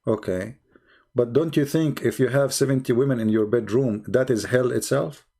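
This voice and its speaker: A man's voice: mid-range voice, normal speed, gravelly, dark tone. A man hosting an argumentative call-in debate, pressing the caller with mocking, insistent repeated questions. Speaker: debate show host.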